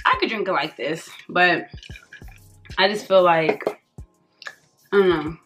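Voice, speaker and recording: A woman's voice: fairly low pitch, slow, fairly bright tone, soft background music. A woman vlogger, tipsy, chatting loosely and swearing freely to her viewers while doing her makeup. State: tipsy from drinking. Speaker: beauty vlogger. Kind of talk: casual makeup tutorial chat.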